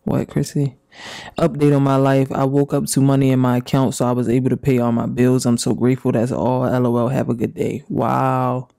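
A man doing casual, profane reaction commentary and reading messages aloud, with drawn-out reactions. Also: mid-range voice, monotone, gravelly, warm tone, no room sound. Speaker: commentary YouTuber.

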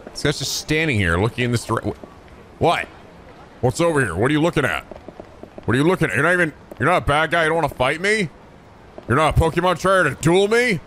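A man hosting a let's play, commenting with excitable, shouty, profane jokes. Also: a little high, fast, long pauses, a little hiss or hum. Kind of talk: gaming commentary.

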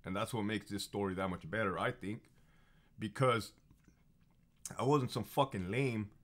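A man's voice: on the low side, normal speed. A man in his thirties, a former prison officer, telling stories in a casual, profane, emphatic monologue that gets heated and confrontational. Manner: profane, emphatic, repeats phrases for effect.

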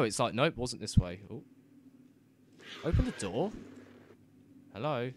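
A young man, giving flustered, self-mocking let's-play commentary with sudden loud outbursts and muttered swearing. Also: fairly low pitch, big pitch swings, takes it slowly, pauses often, slight background noise. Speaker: gaming commentator.

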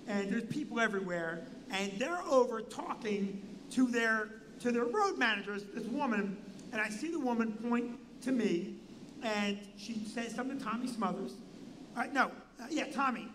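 An older man, a comedy club owner, telling a comic story and acting out the people in it. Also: very high-pitched. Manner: animated, does voices of people in his story. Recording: noisy live-stream audio.

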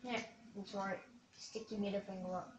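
Excitable woman, roomy and distant. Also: medium pitch, moderate pace, noisy background. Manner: chatty and excitable, with sudden cheers and yelps. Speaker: gaming video creator. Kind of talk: live gameplay commentary. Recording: roomy, distant, dull lo-fi sound.

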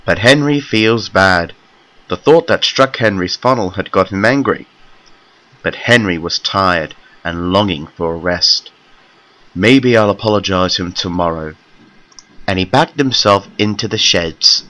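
Male storybook narrator with a low, plain and steady read. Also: a little slow.

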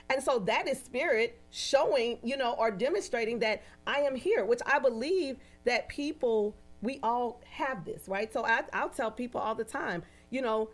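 A medium appears as a guest in a casual interview, her voice on the high side as she tells animated anecdotes. She acts out the dialogue of the people in her stories and often throws in "you know" and "right?".

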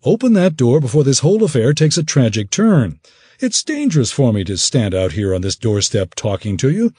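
A man's voice: medium pitch, sing-song, normal speed, mellow, husky, no room sound, voice pushed up. A man voicing a scheming middle-aged man who coaxes in a falsely friendly way. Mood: urgent coaxing.

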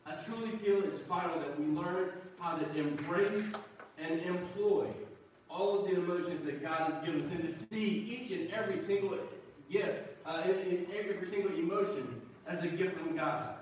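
A man's voice: high-pitched, moderate pace, darkish tone, a little hiss or hum. A man preaching a sermon as pastor, folksy and joking, calling out to the congregation. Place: church sanctuary. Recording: echoey church hall, mic from a distance.

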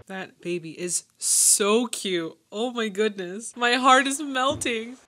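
A young woman hosting a casual movie reaction, gushing and excitable with slangy remarks. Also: fairly high pitch, slow pace.

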